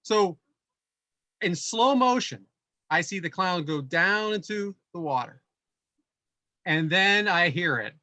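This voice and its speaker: Bright, high-voiced middle-aged man telling a story. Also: unhurried, pauses often, no room sound. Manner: animated, building anecdote with voiced quotes. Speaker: podcast co-host. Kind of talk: casual storytelling.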